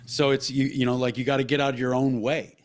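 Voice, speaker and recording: A man in his thirties co-hosting a podcast, talking casually and swearing a lot as he tells rambling, animated stories. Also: mid-range voice, fast talker. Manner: profane, rambling, animated storytelling. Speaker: podcast co-host. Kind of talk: casual chat.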